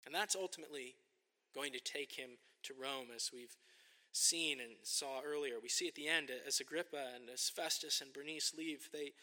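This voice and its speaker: A man's voice: medium pitch, moderate pace, bright, forceful tone. A man preaching a sermon as a pastor, earnest and emphatic, often asking rhetorical questions, in a church sanctuary. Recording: long reverb of a large hall.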